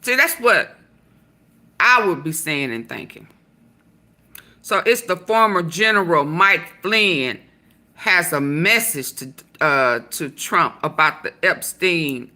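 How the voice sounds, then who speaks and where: A woman's voice: on the low side, animated, slow, sharp tone. A woman vlogger giving casual commentary to her viewers, with sassy, laughing asides.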